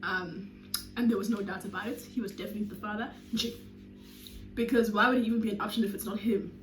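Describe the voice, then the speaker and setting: A South African woman in her twenties telling a storytime vlog with animated, dramatic delivery and sudden loud bursts. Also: medium pitch, fast, noisy background. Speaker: YouTuber. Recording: roomy echo.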